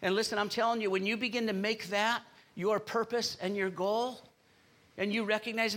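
A man's voice: high-pitched, steady tone, a little fast, a bit bright. A man preaching a sermon as pastor in a church, emphatic and calling out to the congregation for responses.

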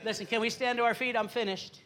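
Fervent bright-voiced male pastor. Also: very high-pitched, fairly even intonation, fast talker. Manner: earnest, building to fervent prayer; conversational preaching with laughs. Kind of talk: sermon and congregational prayer. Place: church sanctuary.

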